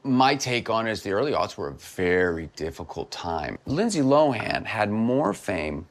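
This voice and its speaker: A man in his forties, an actor, talking in an earnest, storytelling way. His voice is low but swings widely in pitch as he speaks. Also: very animated, moderate pace. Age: 40s. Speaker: actor, guest. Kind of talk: casual chat, storytelling.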